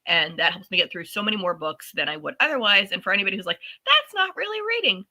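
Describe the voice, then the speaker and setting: Woman, forties, podcast co-host; very bright, animated storyteller. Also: lowish voice, racing, rough recording. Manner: animated storytelling with voiced asides. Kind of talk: casual chat.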